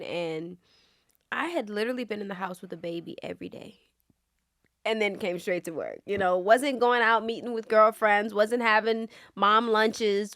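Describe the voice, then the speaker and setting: A woman telling stories from her work in a relaxed podcast conversation. She talks in an animated way, drops lots of fillers and acts out what others said. The sound is dry and close-miked. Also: mid-range voice, no echo. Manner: animated storyteller, many fillers, acts out quotes. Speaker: actress guest. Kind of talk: casual interview chat.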